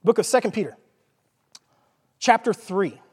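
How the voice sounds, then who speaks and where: A man's voice: high voice, lively intonation, measured pace, darkish tone, breathy edge. A man with a Texan accent preaching a casual, jokey teaching sermon, often checking in with his listeners by asking "okay?". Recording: long reverb of a large hall.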